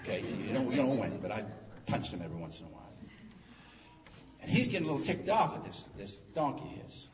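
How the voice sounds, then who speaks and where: A middle-aged man preaching a sermon, telling the story in a folksy, joking, animated way. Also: medium pitch, a little fast. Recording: echoey hall, distant mic, faint noise.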